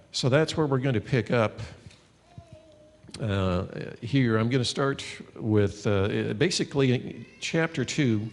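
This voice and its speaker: A man's voice: medium pitch, takes it slowly, big-room sound. A man teaching a sermon as a pastor, earnest and conversational, reading passages of scripture aloud.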